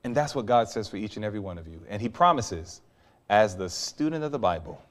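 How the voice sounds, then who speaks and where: Animated preacher with a lively voice. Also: male voice, lowish voice, a little fast. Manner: animated, storytelling with acted quotes and sudden loud peaks. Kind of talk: sermon.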